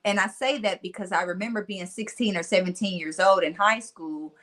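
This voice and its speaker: A woman in her forties with a Southern country twang, a motivational speaker telling stories in a casual interview, animated and laughing often. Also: mid-range voice, brisk.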